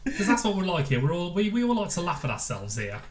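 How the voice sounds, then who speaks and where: A man's voice: high-pitched, sing-song, fast. A man co-hosting a comedic radio show, playful and game for jokes. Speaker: radio co-host.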